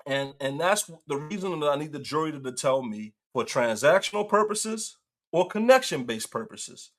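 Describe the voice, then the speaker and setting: A man's voice: fairly high pitch, lively intonation, normal speed, fairly bright tone. A male host telling a story in casual commentary, acting out the quotes and laughing often.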